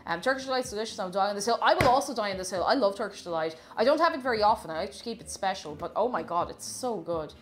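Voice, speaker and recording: A woman's voice: medium pitch, lively intonation, fast, hardly any pauses, music in the background. A woman chatting casually while she bakes in her home kitchen during a livestream, gushing about food and reading viewer comments aloud. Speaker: streamer.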